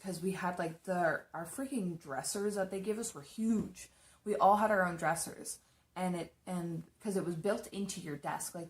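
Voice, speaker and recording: Chatty young woman telling ghost stories. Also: on the low side. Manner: chatty, swears often, animated retelling. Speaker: beauty vlogger. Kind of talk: casual storytelling. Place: her apartment.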